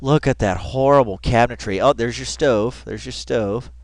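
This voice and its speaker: A man giving casual, rambling commentary over a video he keeps pausing, thinking aloud with wry asides and frequent swearing. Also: medium pitch, dry recording.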